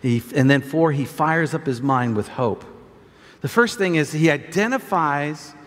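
A man preaching a sermon as a pastor, stumbling over repeated words, shouting at times and reading scripture quietly at others. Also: fairly high pitch, expressive, unhurried, in a large hall.

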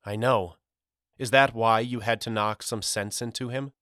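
A man voicing a gentle, loving mother who speaks tenderly and soothingly to her sons. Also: mid-range voice, steady tone, moderate pace, dry recording, studio quality, natural voice.

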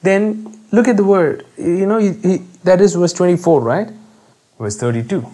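A man preaching a sermon, emphatic, repeating phrases and swinging between loud declarations and hushed, drawn-out words. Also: sits high, low-quality recording.

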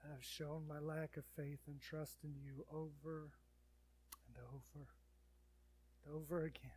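A man preaching a sermon as pastor, swinging between loud urgent appeals and quiet pleading, then leading a prayer. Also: a little high, flat delivery, unhurried, slightly rough.

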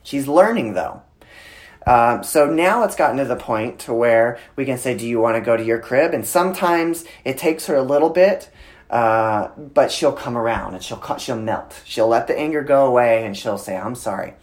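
A man in his thirties, a guest in an interview, explaining communication with lively storytelling and frequent filler words. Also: mid-range voice, normal speed. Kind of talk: conversational interview.

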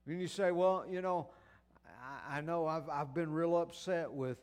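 A man's voice: fairly high pitch, a little mellow. A man preaching a sermon, stressing words and calling out praise as he goes. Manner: emphatic preaching with exclamations of praise; drawn-out stressed words and repeated restarts.

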